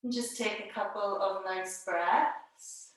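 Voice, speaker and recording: A woman teaching a live online pilates class from home over a video call, calmly giving cues and counting down holds, a little out of breath. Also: medium pitch, slow pace. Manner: calm instructing, counting holds aloud. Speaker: pilates instructor. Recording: echoey room, distant mic.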